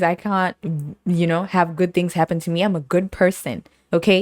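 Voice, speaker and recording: A young woman from Canada hosting a podcast, telling her week's story in a casual, animated way and acting out the people in it. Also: fairly low pitch, a little fast, gravelly. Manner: animated storytelling with laughs and acted-out quotes. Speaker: podcast host. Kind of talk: casual chat.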